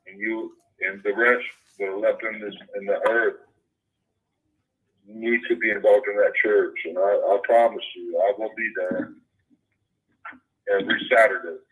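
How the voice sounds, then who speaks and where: A man's voice: fairly low pitch, fairly even intonation, moderate pace, pauses often, breathy edge. A man on a phone call, preaching, then swearing and ranting with many restarts. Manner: preachy and profane, rambling with restarts. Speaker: caller. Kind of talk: heated phone conversation. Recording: muffled phone-line audio.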